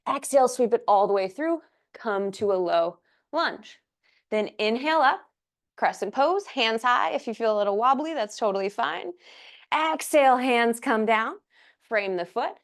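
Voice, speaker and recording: A young woman teaching a yoga class, cueing breaths and poses in an encouraging, playful way, a little out of breath. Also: fairly high pitch. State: slightly out of breath. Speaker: yoga instructor. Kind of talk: guided yoga class instruction.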